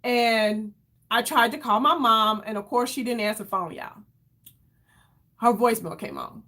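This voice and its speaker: A woman telling an emotional story to her viewers in a casual, animated way, calling them y'all and acting out what others said. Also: on the high side, moderate pace. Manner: animated, addresses viewers as y'all, acts out quoted voices. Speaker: vlogger.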